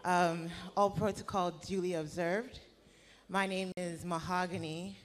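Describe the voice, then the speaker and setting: Woman, out of breath, slow and impassioned questioner in a large hall. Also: on the low side, steady tone. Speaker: radio presenter asking a question. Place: large conference hall, from the gallery.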